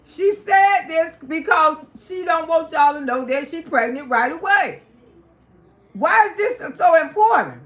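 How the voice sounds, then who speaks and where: Brief: a high-pitched woman hosting a live gossip stream, loud and cussing. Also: animated, unhurried. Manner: loud, emphatic, profane ranting. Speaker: livestream host.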